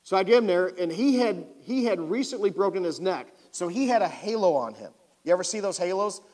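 A man's voice: high voice, brisk. A man, preaching and telling a story from his own life, asking the congregation questions directly. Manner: animated, talks to the congregation directly. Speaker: pastor. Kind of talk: sermon storytelling. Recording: long hall reverb.

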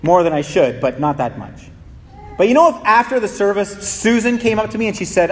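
Man preaching, high voice, long hall reverb, soft pleas to urgent peaks. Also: animated, fairly quick. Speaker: pastor. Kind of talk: sermon. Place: church sanctuary.

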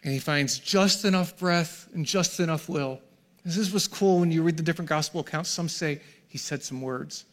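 A middle-aged male pastor preaching a sermon to a congregation in a church hall, swinging from hushed, near-whispered lines to shouted peaks. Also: a little high, moderate pace.

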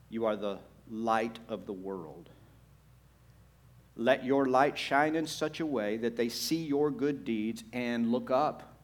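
A man delivers a sermon as pastor, his voice rising from quiet, low sections into loud, emphatic declarations, with rhetorical questions aimed at the congregation.

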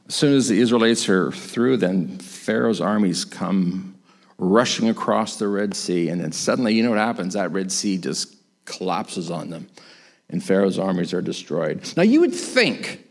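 Animated male preacher telling a story. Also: measured pace, gravelly. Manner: animated, acts out quoted voices with big pitch swings. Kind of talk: sermon storytelling.

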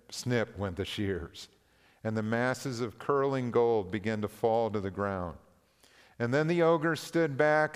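A man preaching a sermon, reading a story and scripture aloud in a slow, earnest, deliberate manner. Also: medium pitch, clear, resonant tone. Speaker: pastor. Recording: long reverb of a large hall.

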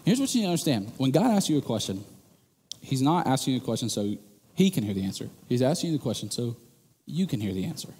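A man preaching a sermon from the stage, telling the story in an animated, joking way and building to emphatic bursts. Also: mid-range voice, fast, breathy edge, long reverb tail.

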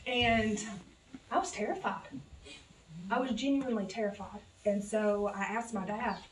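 A woman's voice: mid-range voice, a little slow, a little hiss or hum. A woman preaching a heartfelt, folksy sermon as a guest preacher, sincere and openly emotional. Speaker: guest preacher, pastor's wife. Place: church sanctuary. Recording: echoey church, distant mic.

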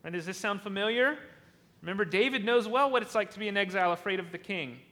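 A man's voice: high voice, fast talker, sharp tone, big-room sound. A man preaching a sermon, retelling a scripture passage and acting out its lines, often repeating and restarting words. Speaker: pastor.

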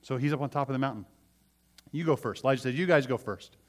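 A man's voice: medium pitch, fast talker. A man preaching a sermon to a congregation, retelling a scripture story with energy and acting out the voices of its characters. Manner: animated storytelling, acts out quoted voices. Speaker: pastor.

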